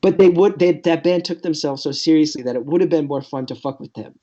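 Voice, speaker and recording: A man's voice: a little high, quick pace, mellow, muffled recording. A man in his late thirties, a comedian guest telling a story in a rambling, nervous, self-deprecating way. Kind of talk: casual podcast storytelling.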